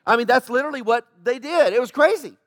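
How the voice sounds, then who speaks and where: A man's voice: very high voice, fast talker, dry recording, clean studio sound. A male pastor giving a sermon, joking with the congregation and acting out voices from the scripture he tells. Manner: animated, joking, acts out quoted voices.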